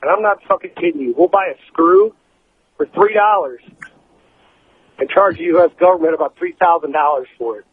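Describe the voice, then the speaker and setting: A man's voice: on the high side, fairly quick, husky. A man calling into a radio show, blunt and matter-of-fact, swearing casually. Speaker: caller. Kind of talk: phone-in call. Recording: tinny phone line with faint noise.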